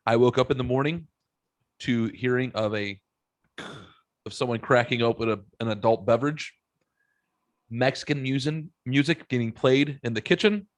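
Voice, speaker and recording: A man's voice: mid-range voice, moderate pace, pauses often, no room sound. Profane rambling male podcast host. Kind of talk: casual storytelling chat.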